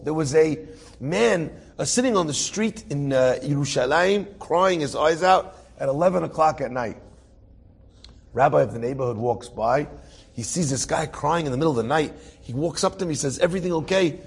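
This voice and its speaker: A man, a rabbi, telling a story in a casual, conversational way, pausing with fillers and restarts and voicing both sides of the dialogue. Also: fairly high pitch, lively intonation, vocal fry, husky.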